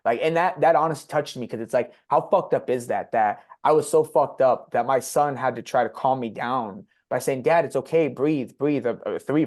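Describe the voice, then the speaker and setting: A man's voice: mid-range voice, a little mellow. A young man candidly telling a personal story on a podcast, blunt and profane, with lots of "like" fillers. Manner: blunt and profane, heavy use of "like". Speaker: podcast guest sharing his story.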